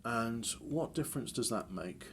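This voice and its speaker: A man's voice: medium pitch, expressive, unhurried, a bit bright, a little hiss or hum. A man in casual chat, rambling and correcting himself with wry asides.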